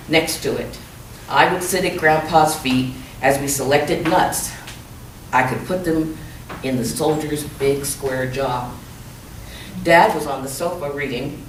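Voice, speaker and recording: A woman author reading a chapter of her young adult novel aloud at a measured, soft-spoken pace. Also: low-pitched, a little hiss or hum. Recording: echoey room, mic far off.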